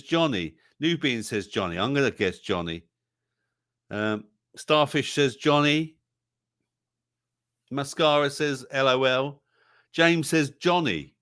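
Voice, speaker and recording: A man's voice: mid-range voice, a bit bright, no room sound, clean studio sound. A man hosting a livestream song quiz in a jokey, casual way, reading out the chat's answers. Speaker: livestream show host.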